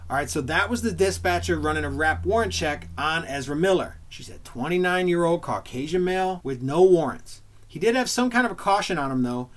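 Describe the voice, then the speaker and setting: A man's voice: on the high side, animated, brisk, hardly any pauses, a bit bright. A man who used to be a police officer, giving blunt, plain-spoken commentary on bodycam footage with a bit of street slang.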